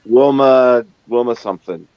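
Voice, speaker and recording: A man's voice: medium pitch, a little slow, no echo. A man chiming in with short dry remarks during a casual chat among friends. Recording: dull lo-fi audio with noise.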